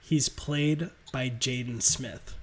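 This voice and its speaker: A man hosting a podcast, pitching a movie plot scene by scene in an animated, laugh-filled way. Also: slow. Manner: animated storytelling, laughs between beats. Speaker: podcast host. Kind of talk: casual movie pitch narration.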